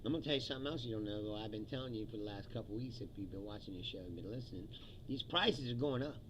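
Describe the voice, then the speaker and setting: A man's voice: on the low side, racing, noisy background. A man hosting a livestream, giving a casual, profane political rant with sarcastic asides and chuckles at his own jokes.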